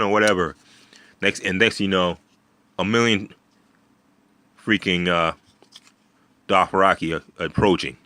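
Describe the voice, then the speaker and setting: A man with a deep voice and a forceful, bright edge talks through a TV episode. He rambles, restarts sentences and swears casually. The recording is dry, with no room sound. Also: moderate pace, pauses often, dry recording. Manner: rambling, many fillers and restarts, swears freely. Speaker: video host.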